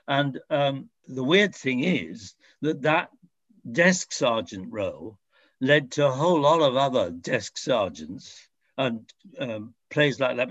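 An older man recalls his acting days in an interview. He rambles and corrects himself, with a soft chuckle here and there. The recording is dry and a bit muffled. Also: mid-range voice, no echo. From France. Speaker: actor. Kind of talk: reminiscing interview answer.

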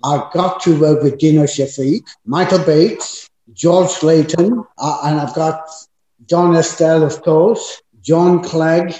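A man's voice: a little high, fairly even intonation, slow, warm tone. Older man reminiscing in an echoey room. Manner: chatty, anecdotal storytelling with frequent fillers. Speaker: actor. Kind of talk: reminiscing interview. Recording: echoey, dull-sounding room.

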